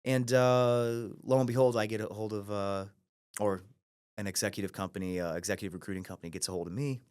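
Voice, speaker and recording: Man, thirties, from Ohio, very low voice, quick delivery, animated storyteller, restarts a lot. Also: clear, resonant tone. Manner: animated storyteller who acts out quoted voices, with frequent restarts. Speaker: guest, brokerage CEO. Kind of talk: storytelling in a podcast interview.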